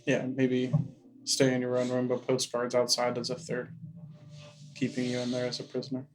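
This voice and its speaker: A man's voice: mid-range voice, monotone, moderate pace, soft background music. A man playing a tabletop game, talking in an offhand, hesitant way. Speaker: player. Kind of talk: casual tabletop play.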